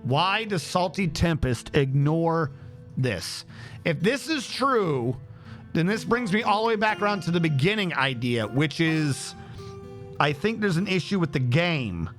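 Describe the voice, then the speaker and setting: A man's voice: a little high, sing-song, measured pace, a bit bright, faint music behind. A man streaming a game, thinking aloud on a headset as he troubleshoots. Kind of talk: casual gameplay commentary.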